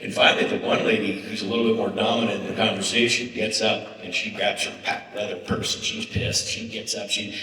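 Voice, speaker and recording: A man from northern California speaks as the keynote guest in an onstage conversation. He tells stories in an animated, emphatic way, and his fairly low voice comes across forceful. It sounds from far off in a big, echoey conference hall with long reverb. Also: brisk, hardly any pauses. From Humboldt, northern California.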